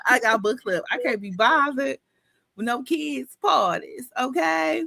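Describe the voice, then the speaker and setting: A woman's voice: high-pitched, animated, measured pace, gravelly, sharp tone, no echo. A woman with a New York accent hosting a live book club interview, playful and teasing, full of slang. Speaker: host.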